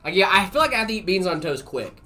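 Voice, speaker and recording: Talking fast in a sing-song, high-pitched voice, this male livestream co-host rambles in friendly, casual chat while reading viewers' messages out loud, with noise behind him.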